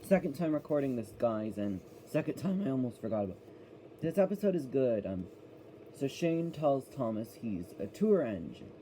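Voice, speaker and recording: A man's voice: mid-range voice, big pitch swings, normal speed, mellow, slight background noise, rough recording. A man giving a casual, rambling review of a children's cartoon, often correcting himself as he goes.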